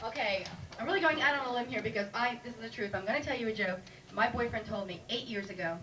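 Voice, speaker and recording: A woman's voice: fairly high pitch, fast talker. A woman telling a joke on stage in a chatty, self-deprecating way. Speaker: stand-up comedian. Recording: distant mic, faint noise.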